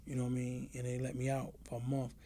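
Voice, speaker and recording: Middle-aged man, dark-toned storyteller. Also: mid-range voice, fast. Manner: animated, acts out the voices of the people in his stories; repeats "you know what I mean". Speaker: interview guest. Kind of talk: casual storytelling.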